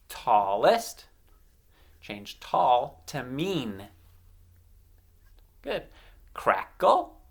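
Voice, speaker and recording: A woman's voice: rumbling low, vocal fry, a bit bright. A woman teaching young children, leading phonics drills in a sing-song, encouraging way and stretching out the words. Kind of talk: online classroom lesson for young children.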